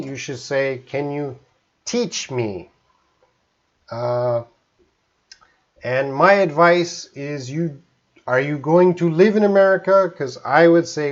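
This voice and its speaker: A man from Canada, an English teacher, answering viewer questions in a live-stream lesson, talking slowly and choosing his words carefully. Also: on the high side, expressive, lo-fi sound. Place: home in Korea, live stream.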